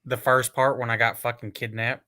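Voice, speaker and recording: A man's voice: medium pitch, little pitch movement, moderate pace, sharp tone, no echo, studio quality. A man hosting a casual online group chat, laughing often and swearing casually.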